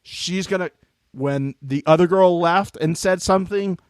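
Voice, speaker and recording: A man co-hosting a podcast in casual banter, mocking the people he talks about in put-on voices. His voice sits a bit high for a man and sounds dry and close to the mic. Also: unhurried, clean tone, no echo. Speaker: podcast co-host. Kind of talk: casual chat recapping a reality show.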